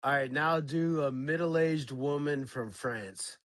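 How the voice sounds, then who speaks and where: A man's voice: a little high, takes it slowly, dry recording. A man from Alabama in a casual group voice chat, laid-back and wisecracking as he throws out requests.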